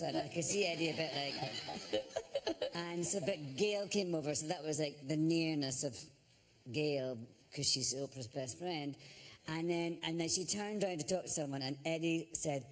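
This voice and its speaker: A woman, a talk show guest, telling an anecdote in a chatty, self-mocking way with lots of fillers and restarts. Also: deep voice. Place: television studio with live audience. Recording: studio audience laughter.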